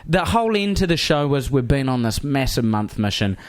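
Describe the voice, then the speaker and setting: A man's voice: mid-range voice, a little fast. A man with a New Zealand accent, a comedian telling a story in casual chat and acting out the people he quotes. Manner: animated, acts out quoted people. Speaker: comedian guest.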